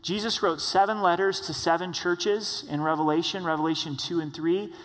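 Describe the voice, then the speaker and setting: A man's voice: a little high, fairly even intonation, fairly bright tone. Man preaching in a reverberant church hall. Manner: conversational, slows for emphasis. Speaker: pastor. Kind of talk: sermon.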